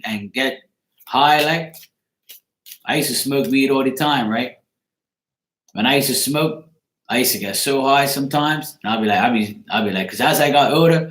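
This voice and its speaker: A man's voice: medium pitch, fairly bright tone, roomy sound. A man with a Bermudian accent, a tarot reader chatting casually on a live stream, greeting viewers by name and swearing freely.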